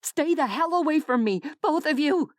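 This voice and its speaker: A woman voicing a frightened, defiant young woman who shouts in panic and disbelief. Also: high-pitched, animated, unhurried, no room sound, clean studio sound, pitched above the performer's own voice. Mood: panicked.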